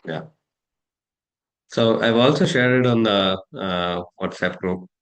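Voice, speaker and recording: A man's voice: on the low side, slow pace. A man leading an online coaching lesson over a video call, reflective and thinking aloud with many rhetorical questions and frequent uh fillers. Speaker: coach and workshop leader.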